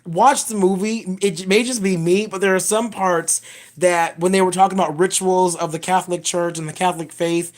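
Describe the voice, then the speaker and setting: A woman's voice: on the low side, steady tone, normal speed. A woman giving a casual spoiler review of a film, blunt, profane and rambling as she retells scenes. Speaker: movie reviewer.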